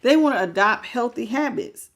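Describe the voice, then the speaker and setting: A woman's voice: fairly high pitch, lively intonation, normal speed. A woman hosting a live tarot reading. She talks frankly and folksily, greets viewers by name and calls them baby. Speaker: tarot reader.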